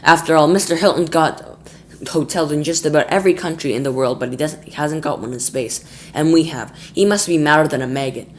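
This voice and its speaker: Brief: a man playing a nervous storybook spy in a fawning falsetto. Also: a little fast, lightly acted. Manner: fawning, eager to please. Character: nervous twitchy male chief spy with falsetto.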